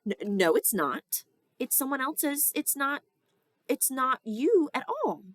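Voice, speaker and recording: A woman doing a squeaky, panicked young girl. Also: sing-song, slow pace, no echo, exaggerated voice. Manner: squeaky and pleading. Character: excitable, dramatic young girl narrator.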